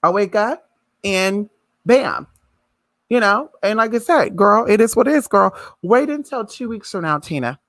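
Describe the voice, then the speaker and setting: A sassy woman ranting on a livestream, her voice leaping up and down in a lively, sing-song tease. She talks at an unhurried pace, and the sound is close and dry, with no room echo. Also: medium pitch, gravelly. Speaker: spiritual reader vlogger. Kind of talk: casual livestream rant.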